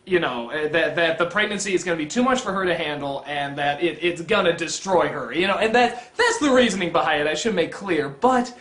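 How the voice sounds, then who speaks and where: A man giving a comedic film review, exasperated and swearing, swinging between mutters and shouts. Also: a little high, fairly quick, few pauses, echoey room. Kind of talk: ranting comedic movie review.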